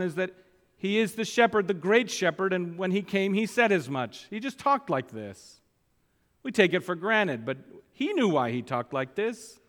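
A man's voice: on the high side, a bit bright. A man preaching a sermon, repeating key phrases for emphasis and reading scripture aloud with mounting force. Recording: long hall reverb.

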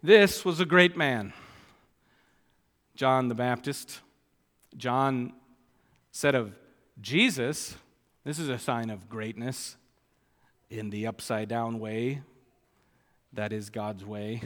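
A man delivering a sermon at an unhurried, measured pace. He lifts his voice with emphasis on quoted scripture. His voice rings out with the long reverb of a church hall. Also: mid-range voice, fairly even intonation, fairly bright tone. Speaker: preacher.

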